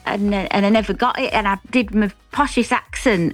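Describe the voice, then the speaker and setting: A woman's voice: medium pitch, brisk, few pauses, soft background music. A woman comedian with a Hull accent, chatting in a rambling, self-deprecating way and laughing often during a radio interview. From Hull, England. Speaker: comedian guest.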